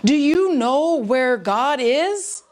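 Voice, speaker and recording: Woman doing a stern booming pastor. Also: lively intonation, extremely slow, a little mellow, exaggerated voice. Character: stern deep-voiced male pastor.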